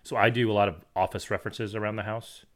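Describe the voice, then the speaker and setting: A man's voice: fairly low pitch, fast talker. A man who is a parent, chatting casually as a podcast co-host and acting out quotes in his stories. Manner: animated, acts out quotes. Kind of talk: casual chat.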